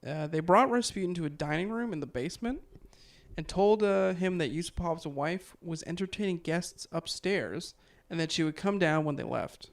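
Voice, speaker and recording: Podcast host, male, fairly high voice, loose and rambling storyteller. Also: normal speed, gravelly. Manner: relaxed, filler-heavy, chuckles often. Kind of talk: casual storytelling from notes.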